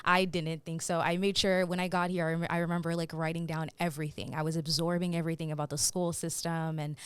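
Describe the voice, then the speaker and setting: Low, smooth-voiced woman from Haiti. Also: flat delivery, quick pace, dry recording. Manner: earnest and reflective. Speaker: guest. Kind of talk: casual interview chat.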